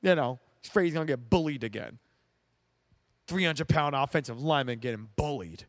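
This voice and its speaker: A man's voice: mid-range voice, brisk, no room sound. A young man hosting a casual solo sports show, ranting emphatically and laughing often.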